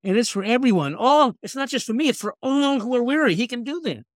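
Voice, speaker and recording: A man who is a guest author, chatting earnestly on a faith podcast and reading scripture slowly. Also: very high-pitched, animated, dry recording, studio quality. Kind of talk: casual faith podcast chat.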